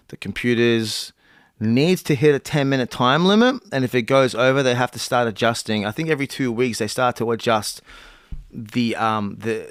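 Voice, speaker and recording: A man's voice: lowish voice, a bit bright, smooth, no room sound, clean studio sound. Man reading cards on a stream. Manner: reads cards aloud haltingly, restarts and chats. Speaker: content creator. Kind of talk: casual livestream chat.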